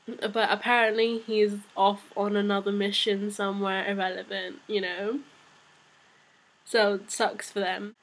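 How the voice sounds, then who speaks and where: Excitable chatty young woman, a bit unwell. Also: medium pitch, unhurried, rough recording. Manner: chatty and excitable, rambling with many fillers. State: unwell, voice sounding off. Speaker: manga reviewer. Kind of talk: casual fan review vlog.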